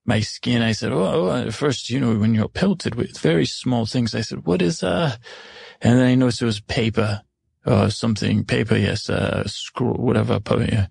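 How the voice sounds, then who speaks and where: Man playing an older stepmother, once cruel, rambling, halting, self-correcting, gravelly, husky, middle pitch. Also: a little mellow, no echo. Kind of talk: improvised first-person storytelling.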